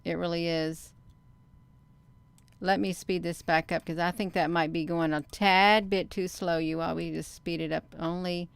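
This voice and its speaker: A woman vlogger giving casual commentary on her own video, rambling and halting with many fillers and restarts, and talking straight to her viewers. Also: on the low side, flat delivery, vocal fry, clear, resonant tone, dry recording. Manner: talks straight to viewers as "you all". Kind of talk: casual commentary while showing her own sky footage.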